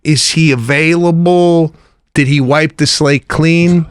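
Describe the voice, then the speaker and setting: A man's voice: fairly high pitch, fairly even intonation, slow pace, clear, resonant tone, no room sound, clean studio sound. A middle-aged man co-hosting a podcast, venting in casual chat and acting out what others said. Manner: exasperated venting, acts out quotes. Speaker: podcast co-host.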